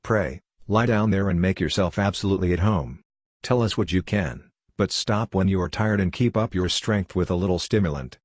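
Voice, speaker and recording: A man's voice: low-pitched, moderate pace, dry recording, clean studio sound. A man reading a courteous, soothing detective. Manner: polite, soothing. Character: courteous male detective hosting a visitor.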